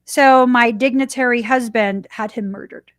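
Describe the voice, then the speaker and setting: A woman hosting a podcast, talking through a personal story in a casual, animated way and slipping into little laughs. Her voice sits on the higher side. It is recorded close and dry, with no room sound. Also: moderate pace, no echo. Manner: animated, chatty, laughs while telling. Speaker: podcast host.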